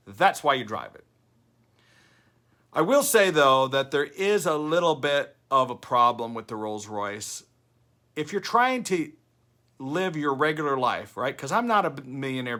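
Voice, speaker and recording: Older male vlogger with a bright, forceful tone, chatty and animated. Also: a little high. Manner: chatty, animated storytelling with quoted voices. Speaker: vlogger host. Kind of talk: casual talking-head vlog.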